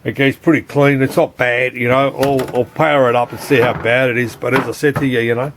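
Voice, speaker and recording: A man's voice: mid-range voice, fairly even intonation, a little fast, a little hiss or hum. An Australian man who repairs arcade boards, chatting casually and rambling, swearing freely and calling the viewer mate. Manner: rambling, swears often, keeps saying "mate". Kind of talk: casual unscripted video chat.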